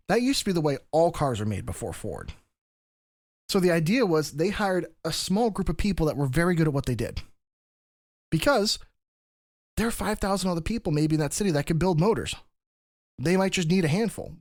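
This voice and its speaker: Man, fairly high pitch, podcast co-host, long rambling explanations, restarts, dry close sound. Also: no echo. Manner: explanatory, talks in long run-on stretches with restarts and laughs. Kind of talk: casual podcast discussion.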